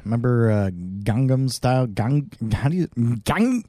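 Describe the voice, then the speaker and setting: A man co-hosts a podcast in loose, casual conversation, rambling and correcting himself as he goes. His mid-range voice has a dark tone and normal speed, captured in a dry, studio-quality recording.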